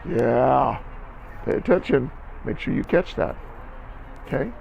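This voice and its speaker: Very gravelly man coaching a band lesson. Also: mid-range voice, animated, slow, darkish tone, highs cut off, slight background noise. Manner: counts aloud, coaching, checks in with "okay?". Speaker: band teacher. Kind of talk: instructional music lesson video.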